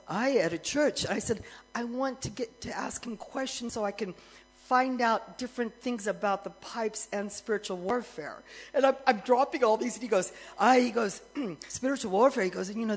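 A middle-aged woman worship minister telling a lively story as part of a sermon, getting more excited and louder as it goes. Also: mid-range voice, normal speed, breathy edge, poor audio. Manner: animated storyteller, grows excited and loud, laughs.

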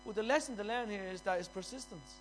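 A man's voice: high voice, fast, faint music behind, poor audio. A man preaching a sermon in a church, impassioned and repetitive, often building up to a raised voice.

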